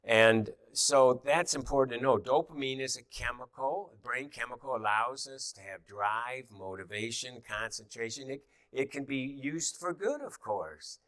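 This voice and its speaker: A man's voice: medium pitch, moderate pace, few pauses, fairly bright tone, no room sound. A middle-aged man teaching a class in an easy, conversational way, with many fillers and restarts and little acted-out quotes.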